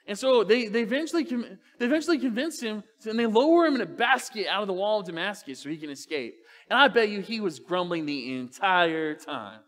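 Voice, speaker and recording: A man's voice: high voice, animated, quick pace, a bit bright. A male pastor preaching a sermon, telling stories with fire and acting out the quotes. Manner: fiery storytelling, acts out quotes. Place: church sanctuary. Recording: long hall reverb.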